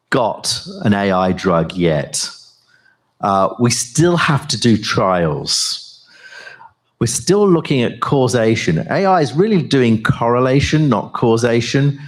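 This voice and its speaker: An older English professor with a voice on the low side gives a conference talk and then chats onstage. His speech is halting, full of fillers and restarts.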